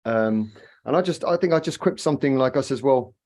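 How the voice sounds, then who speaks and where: A man's voice: mid-range voice, animated, brisk, a little mellow. A man co-hosting a casual live chat, easygoing and playful in manner. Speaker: co-host.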